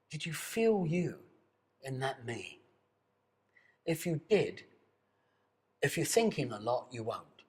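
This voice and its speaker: Older male voice coach, animated and coaxing. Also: fairly high pitch. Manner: coaxing, animated, swings between soft hushed asides and bold sustained tones. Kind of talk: guided voice exercise spoken to camera. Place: seated indoors.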